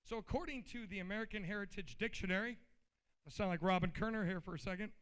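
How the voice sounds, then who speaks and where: A man with a high, light voice speaks at a convention podium, blunt and riled up. He talks in a loose, colloquial way and keeps jumping between plain explanation and heated outbursts. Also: fast, fairly bright tone, smooth. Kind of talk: informal political speech. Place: convention hall.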